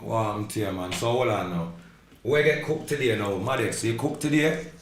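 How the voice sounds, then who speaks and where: A man hosting a live podcast, playfully shouting out viewers by name. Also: lowish voice, normal speed. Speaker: podcast host. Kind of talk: casual live podcast chat. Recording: roomy echo with faint background hiss.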